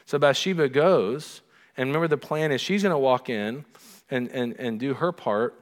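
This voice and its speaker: A middle-aged man preaching a sermon as pastor, animated, acting out the lines he quotes. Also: mid-range voice, normal speed. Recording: long reverb of a hall.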